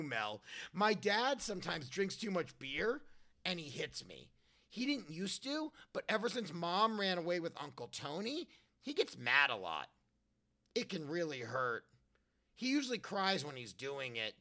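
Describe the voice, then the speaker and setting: Bright, lively earnest comic reader. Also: mid-range voice. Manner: earnest, innocent childlike delivery. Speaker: podcast host reading a comic letter. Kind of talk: scripted comedic reading.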